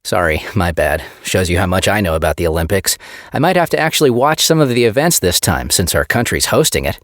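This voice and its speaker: Joking young male scientist with lively, teasing delivery, from a low-voiced narrator. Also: no echo, clean studio sound. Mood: wry. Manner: quick, teasing banter.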